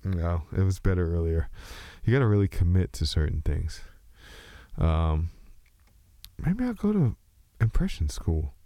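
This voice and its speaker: A man's voice: sits low, very animated, a little slow, warm tone, dry recording. A man with a slight Texas twang, rambling loosely and joking at his own expense as he hosts a solo podcast. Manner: loose, joking, meandering, self-mocking. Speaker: podcast host.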